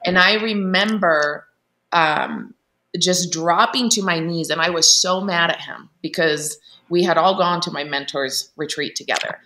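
A woman guest telling a personal story in an earnest, animated way, full of fillers and restarts. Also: fairly low pitch. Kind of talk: candid storytelling interview.

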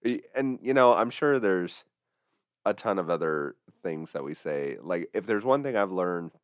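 Midwest guy, real low voice, chatty and animated, dry close mic. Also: measured pace, no echo, dull audio. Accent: Midwestern American. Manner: chatty, animated storytelling with voice impressions. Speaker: podcast co-host. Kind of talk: casual chat.

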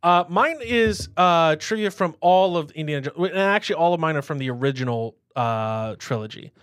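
A man's voice: a little high, animated, moderate pace, fairly bright tone, clear, resonant tone, dry recording, clean studio sound. A man co-hosting a podcast in casual chat, playful and laughing often, sometimes trailing off while he thinks. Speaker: podcast co-host.

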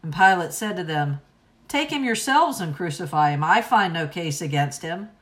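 Deliberate woman reading a psalm. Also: fairly low pitch, animated, a bit bright. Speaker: scripture reader. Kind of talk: liturgical reading.

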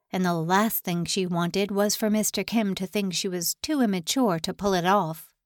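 A woman narrating a suspense novel in a measured, even reading. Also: mid-range voice, no echo, clean studio sound. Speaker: audiobook narrator. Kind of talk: scripted narration.

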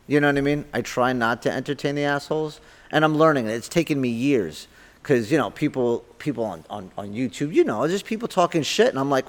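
A man in his fifties, a martial arts instructor guest on a podcast, telling stories in a blunt, profane, animated way. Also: medium pitch, in a large hall. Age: 50s. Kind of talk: casual podcast interview storytelling.

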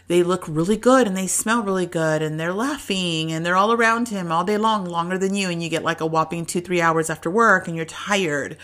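Woman, forties, podcast host with a slightly low voice, a chatty and encouraging pep talk. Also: fairly bright tone. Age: 40s. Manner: chatty, encouraging, many fillers and restarts. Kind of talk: motivational solo podcast talk.

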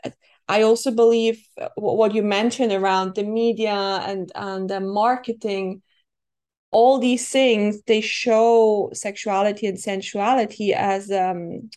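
Woman, podcast guest, coach, thoughtful, reflective, mid-pitched. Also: steady tone, measured pace. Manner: thoughtful, reflective, with soft fillers. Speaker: guest, feminine embodiment coach. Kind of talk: conversational podcast interview.

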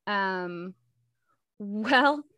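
A woman voice actress chatting as an interview guest, lively and full of restarts and fillers. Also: mid-range voice, drawn-out words, clean tone, no echo. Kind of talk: casual interview chat.

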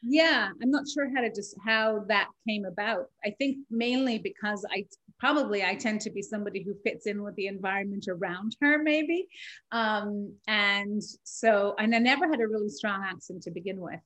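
A woman with a faint Irish lilt answers interview questions in a warm, chatty way, often breaking into laughs. Her pitch sits in the middle. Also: normal speed, low-quality recording. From Ireland. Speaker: interview guest, life coach. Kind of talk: conversational interview.

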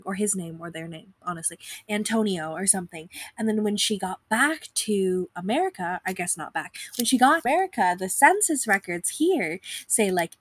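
A young woman hosting a podcast, talking in a rambling, self-deprecating way from her bed at home, with vocal fry. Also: mid-range voice, no room sound. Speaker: podcast host. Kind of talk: casual conversation.

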